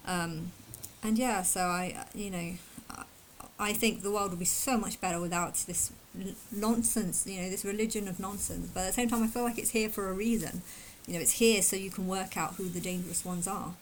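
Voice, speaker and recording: A woman vlogger talking fast in a casual, emphatic and indignant opinion monologue. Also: medium pitch, fairly even intonation, slight background noise, poor audio. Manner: fast talker.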